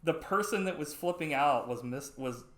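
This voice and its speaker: A man's voice: on the high side, normal speed. A man co-hosting a podcast in casual chat, rambling through long retellings of old sketches. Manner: rambling, animated retellings with acted-out quotes. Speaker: podcast co-host. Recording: roomy echo.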